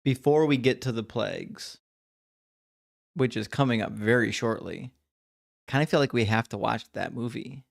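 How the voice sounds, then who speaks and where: A man co-hosts a casual podcast, joking along, catching and correcting his own slips, and pulling the talk back on track. His voice sits at a middling pitch with a gravelly texture. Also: no echo, studio quality. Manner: joking, quick to correct himself, steers back to the text. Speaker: podcast co-host. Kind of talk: casual chat.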